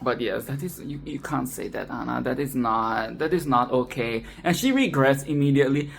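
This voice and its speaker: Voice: medium pitch, normal speed, vocal fry, few pauses. A host giving a casual, sarcastic film review monologue, chatting loosely, laughing often and swearing freely.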